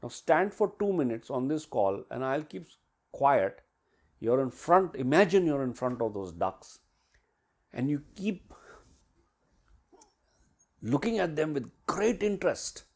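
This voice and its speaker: A man, a business mentor, telling a coaching story in a lively way, acting out quotes and sounds. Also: unhurried, long pauses. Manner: animated, acts out quotes and sounds with big swings in pitch and loudness.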